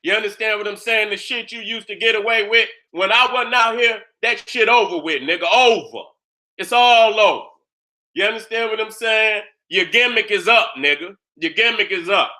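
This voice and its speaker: A man's voice: high-pitched, moderate pace, bright, forceful tone. A man hosting his own channel, delivering a combative, boastful, profane monologue and repeating his phrases.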